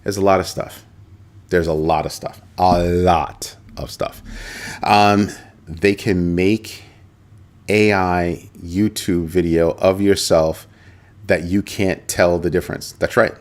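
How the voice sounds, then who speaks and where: Deep-voiced man hosting a casual livestream. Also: slow pace. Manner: animated, talks straight to viewers, repeats phrases. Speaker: host of a crypto livestream.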